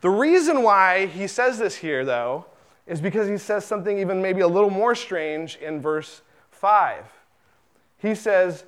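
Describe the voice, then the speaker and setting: Conversational preacher, a man with a slightly high voice. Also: animated, unhurried, fairly bright tone, smooth. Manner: conversational, repeats words, acts out quoted lines. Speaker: pastor. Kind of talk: sermon.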